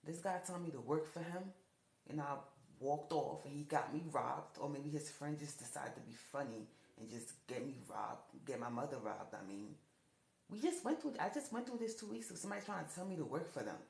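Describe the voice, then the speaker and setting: A woman's voice: expressive, brisk, vocal fry, a little mellow. Woman telling her life story to the camera, keeps repeating herself, gets emotional, room echo all around. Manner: repetitive, emotional, rising pitch when upset. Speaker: TikTok storyteller. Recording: echoey room.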